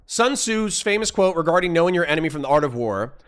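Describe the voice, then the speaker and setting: A man's voice: fairly high pitch, very animated, fairly bright tone, smooth. Profane, combative young man ranting. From Florida. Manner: profane, combative, addresses chat directly; quick self-interruptions and apologies. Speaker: streamer. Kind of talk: heated livestream rant.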